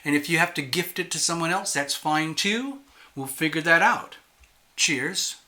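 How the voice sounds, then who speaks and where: Bright-toned chatty male host. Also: on the high side, unhurried. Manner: chatty, playful, self-admittedly nervous. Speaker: tarot channel host. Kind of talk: casual solo livestream talk.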